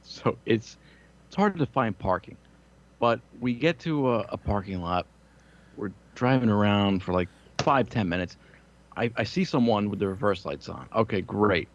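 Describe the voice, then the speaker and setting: A man's voice: fairly low pitch, expressive, moderate pace, dull audio. A man in his thirties telling crude, rambling, self-mocking stories in casual chat. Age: 30s.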